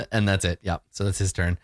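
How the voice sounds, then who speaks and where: A man's voice: deep voice, dry recording, clean studio sound. A man running a tabletop game as game master, laughing often while he narrates the action.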